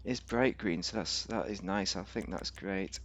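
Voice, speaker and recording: A man's voice: sits low, unhurried, a bit bright. A man giving rambling, casual commentary on a game, thinking aloud with fillers and restarts. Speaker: game reviewer.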